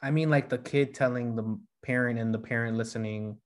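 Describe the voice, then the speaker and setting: A man's voice: mid-range voice, fairly even intonation, brisk. A man co-hosting a podcast, chatting casually with a teasing manner and plenty of filler words. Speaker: podcast co-host.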